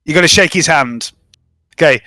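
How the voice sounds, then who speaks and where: A man's voice: fairly high pitch, normal speed, sharp tone, no room sound. A man running a tabletop game, narrating casually with lots of ums and swearing. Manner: rambling, profane, many ums. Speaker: game master.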